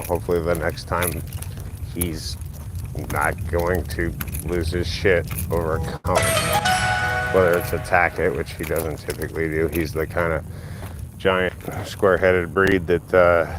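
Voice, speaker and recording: A man with a low voice talks loosely and swears freely as he walks his big dog down a street. He records on a handheld phone, with faint outdoor noise behind him. His muttered asides stay low, and he jumps high into bright praise whenever the dog behaves. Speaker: dog owner streaming a live walk. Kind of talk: casual live-stream commentary while walking a dog. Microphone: phone held while walking.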